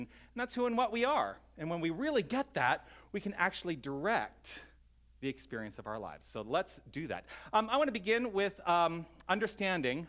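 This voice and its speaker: A man preaching an online sermon, his voice sitting a touch higher than most men's. He talks earnestly and invitingly, speaking straight to the people watching. His breath runs a little short. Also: a bit bright. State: slightly out of breath. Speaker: minister.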